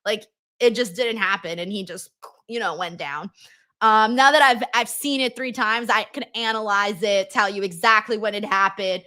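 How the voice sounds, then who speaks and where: A woman's voice: medium pitch, fairly even intonation, normal speed, pushed and bright. A woman hosting a live stream, reading viewers' comments aloud in casual chat, laughing often and swearing freely.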